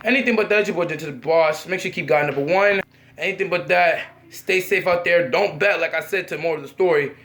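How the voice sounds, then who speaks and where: Young male vlog host, slangy and animated, telling a story in a fairly high voice. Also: brisk. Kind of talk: casual storytime.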